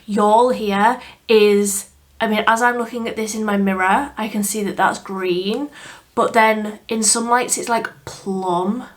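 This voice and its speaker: A woman's voice: medium pitch, steady tone, moderate pace, fairly bright tone. A woman with a Yorkshire accent, chatting enthusiastically through a makeup review, with fillers and laughs. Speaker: beauty vlogger. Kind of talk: casual makeup review chat. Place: indoors under artificial light.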